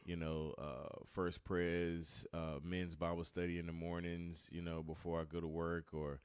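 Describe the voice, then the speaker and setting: A man with a very low, smooth and resonant voice chats casually as a podcast guest. He is relaxed and often repeats a word while he gathers his thoughts. The sound is dry and close to the mic. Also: a little slow, no room sound. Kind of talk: casual conversational interview.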